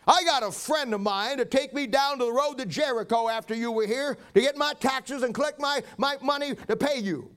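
A man's voice: extremely high pitch, brisk, few pauses, fairly bright tone, clean tone. A man voicing an old blind beggar who is testifying with fervent joy. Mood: eager. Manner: fervent storytelling, crying out.

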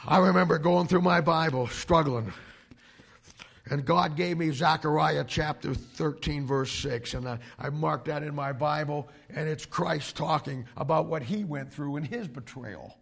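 Gravelly, emphatic male pastor. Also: on the high side, measured pace. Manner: emphatic and animated, with frequent restarts. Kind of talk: sermon to young ministry students.

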